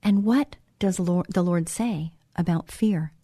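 A woman's voice: on the low side, unhurried, dark tone, slightly rough, dry recording, clean studio sound. A woman hosting a Christian talk show, speaking in an encouraging, conversational way and repeating phrases for emphasis. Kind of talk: devotional talk show monologue.

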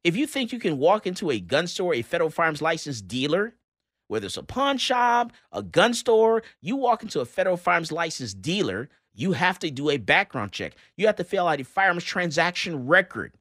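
Fairly quick and full of laughter, this male radio host mixes lecturing with jokes in an emphatic, animated way. His pitch leaps all over while his voice stays bright and forceful. The studio mic recording is dry and close.

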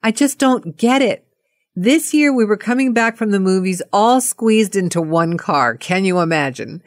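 A middle-aged woman telling a personal anecdote in a playful, animated way. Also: medium pitch, moderate pace, no room sound, studio quality. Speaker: storyteller.

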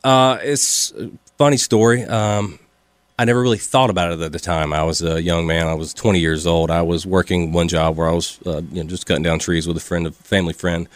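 A man's voice: sits low, fairly even intonation, a little fast, no room sound. A man in his thirties, a sheriff's deputy, talking plainly in a radio interview with many fillers and restarts.

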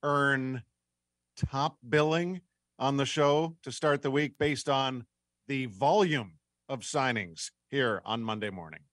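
A man hosting a casual sports talk show, quick and wry and prone to tangents. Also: medium pitch, fairly bright tone, no room sound, studio quality. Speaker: sports podcast host.

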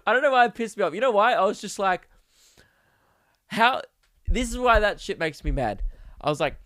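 A man's voice: high-pitched, sing-song, normal speed, long pauses, a bit bright, dry recording. A young Australian man hosting a podcast, telling a story as a sarcastic, exasperated comedic rant. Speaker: podcast host.

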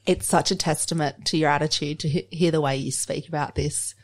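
A woman's voice: sits low, steady tone, brisk. A woman hosting a podcast interview, chatty and playful, given to teasing her guest. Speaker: podcast host.

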